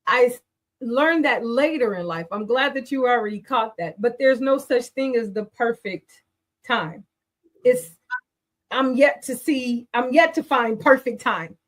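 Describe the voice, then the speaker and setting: A woman's voice: on the high side, animated, unhurried. A woman hosting a faith talk show, affirming her guest and asking reflective questions. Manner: encouraging, affirming listener. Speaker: host.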